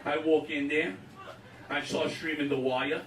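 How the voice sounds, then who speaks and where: A man's voice: steady tone, a little slow. A man on a call, telling a comic story while laughing through it. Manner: laughing through his own story, bursts into a high put-on line. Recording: distant echoey call with loud noise.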